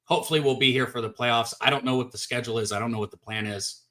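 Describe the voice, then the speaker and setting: A man's voice: mid-range voice, racing, a bit bright. A man from Texas hosting a sports betting show, recapping picks in an upbeat, chatty way and talking straight to viewers. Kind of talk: casual live-stream sports talk.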